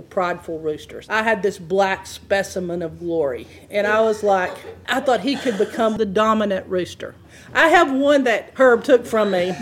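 A woman preaching a sermon, telling a story with lively swings in pitch and loudness and laughing at her own anecdotes.

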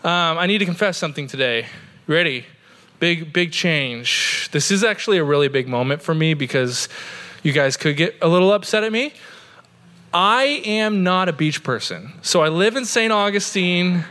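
A man's voice: fairly high pitch, expressive, normal speed, sharp tone. A man in his thirties from Oregon, preaching a sermon in a church in an earnest, conversational way, with lots of "like" fillers. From Oregon, USA. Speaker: pastor. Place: church sanctuary.

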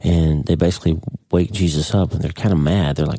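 A man's voice: low-pitched, steady tone, a little fast, few pauses, warm tone. A middle-aged man hosting a podcast, talking earnestly and off the cuff. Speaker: podcast host. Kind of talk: casual podcast talk.

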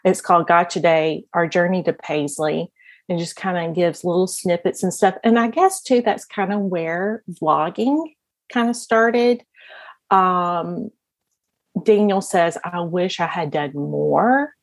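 A woman's voice: lowish voice, unhurried, no room sound. A woman guest on a podcast, telling her story in a casual, rambling way, often laughing and restarting her sentences. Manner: laughs often while talking; rambling, with many fillers and restarts.

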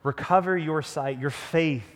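A preacher doing a soft, calm Jesus. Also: male voice, a little high, unhurried, big-room sound, close to an everyday voice. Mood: gentle. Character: calm, gentle Jesus, a grown man.

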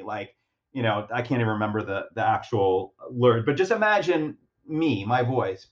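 A young man tells a story in an easygoing chat, full of fillers and restarts, at a mid-range pitch. He's animated and pokes fun at himself. The recording is a bit dull and lo-fi. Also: normal speed. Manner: animated, self-deprecating, many fillers and restarts. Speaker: guest. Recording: dull lo-fi sound.

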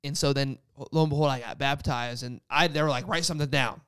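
A man's voice: mid-range voice, fast talker, fairly bright tone, clear, resonant tone, no echo, clean studio sound. A young man casually telling a personal faith story, rambling with lots of "like" fillers. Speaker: guest sharing a faith story. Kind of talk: casual testimony chat.

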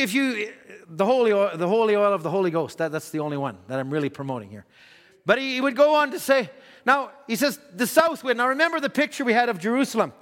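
A man preaching a sermon in a conversational way, repeating words and dropping to a low hush at reflective moments. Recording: long hall reverb.

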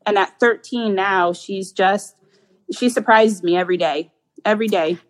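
A woman's voice: mid-range voice, normal speed, poor audio. A woman talking about her dog as a guest, chatty and rambling, with lots of fillers. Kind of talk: casual interview chat.

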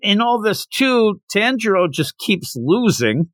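A male podcast host giving a casual, animated recap of a comic chapter and retelling the characters' dialogue. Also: sits high, slow pace, no echo.

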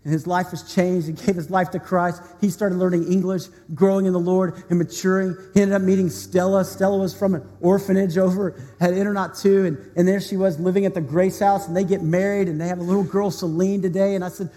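A man's voice: sits high, flat delivery, a little fast, few pauses. A male pastor preaching a sermon with earnest, heartfelt storytelling and leading prayer. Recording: long hall reverb, soft music behind.

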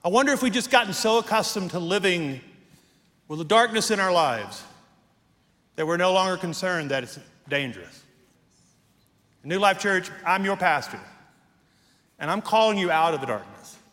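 A man's voice: high-pitched, animated, normal speed, pauses often, sharp tone, long reverb tail. A man preaching a sermon as pastor, telling a story and then leading prayer, from Texas. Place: church sanctuary.

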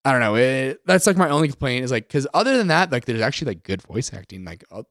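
A man co-hosting a podcast in casual chat, rambling with lots of "like" fillers and slipping into quick impressions. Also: mid-range voice, no echo, clean studio sound. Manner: rambling, many "like" fillers, animated impressions of characters. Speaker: podcast co-host.

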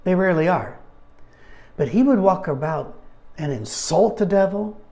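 A man leading a casual Bible study, talking conversationally with wry asides and frequent throat-clearing. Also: sits high, expressive, moderate pace, warm tone.

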